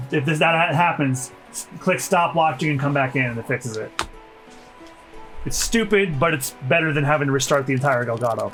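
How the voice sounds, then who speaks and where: Brief: high-voiced man, rambling jokey game chat, faint music under. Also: a bit bright, rough recording. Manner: joking, rambling with fillers and restarts. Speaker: let's play co-host. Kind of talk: casual gaming chat.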